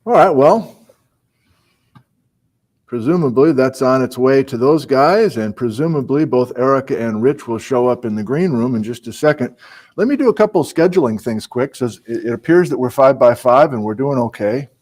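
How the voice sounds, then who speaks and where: A man's voice: medium pitch, lively intonation, normal speed, a little mellow. A man hosting a live-streamed program, chatting casually, greeting viewers and reading out their hometowns, with frequent fillers and asides. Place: small indoor room on a college campus.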